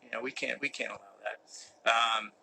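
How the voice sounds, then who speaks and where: Man with a sharp, bright voice. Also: fairly low pitch, steady tone, moderate pace, vocal fry, a little hiss or hum, rough recording. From United States. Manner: reads fan questions aloud, joking and mock-serious. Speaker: actor hosting a live Q&A. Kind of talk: casual live-stream chat. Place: indoor room with a window that does not open.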